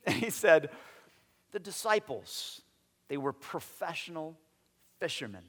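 A man preaching a sermon as pastor, animated, acting out quoted voices and often repeating his words. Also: a little high, moderate pace, vocal fry, long pauses, big-room sound.

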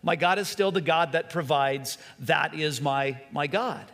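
Male pastor preaching a sermon, fairly high voice, earnest emphasis, long hall reverb. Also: unhurried, gravelly. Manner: earnest preaching, repetitive emphasis, drops to soft voice.

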